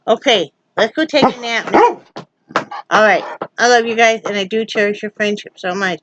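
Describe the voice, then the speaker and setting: A woman's voice: mid-range voice, normal speed, muffled recording, background noise. A woman vlogging from home in a casual, rambling way, joking and full of fillers. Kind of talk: casual vlog chat.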